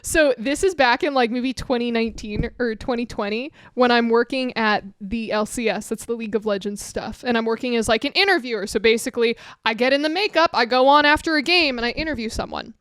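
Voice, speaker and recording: High-voiced woman telling a lively story. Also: a little fast, hardly any pauses, clean tone, dry recording, clean studio sound. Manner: expressive, swears freely, laughs mid-story. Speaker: podcast co-host. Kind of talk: casual chat, animated storytelling.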